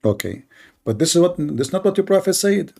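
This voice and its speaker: Gravelly, husky man mocking callers. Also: high-pitched, big pitch swings, a little fast, dark tone. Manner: mocking, sarcastic, repeats himself with stammered restarts. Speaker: host of a call-in debate stream. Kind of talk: argumentative call-in debate.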